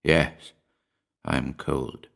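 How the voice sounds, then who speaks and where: A man voicing a cold, soft-spoken young woman's ghost who speaks in a hushed tone in a storybook reading. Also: sits low, normal speed, natural voice. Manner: hushed, quiet.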